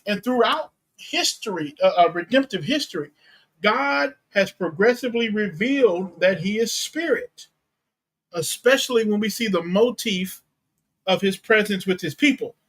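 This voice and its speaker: A male pastor with a high, animated, fairly bright voice gives a teaching sermon on a low-quality recording. He reads Bible verses slowly and deliberately, explaining them and unpacking the Greek words.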